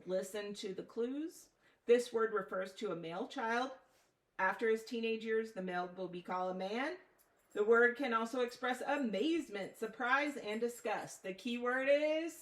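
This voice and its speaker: A woman reading teacher giving a one-on-one phonics lesson, prompting clearly and patiently. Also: on the high side, normal speed. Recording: roomy, distant mic with faint noise.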